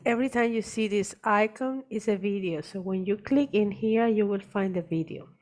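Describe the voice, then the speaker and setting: A woman teacher giving a screen-share tutorial, explaining each step slowly and deliberately. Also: mid-range voice, a little mellow.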